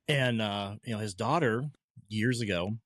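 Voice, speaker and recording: A man co-hosting a hobby podcast, chatting in an animated way, full of "you know". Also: on the low side, measured pace, no echo. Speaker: podcast co-host. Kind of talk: casual chat.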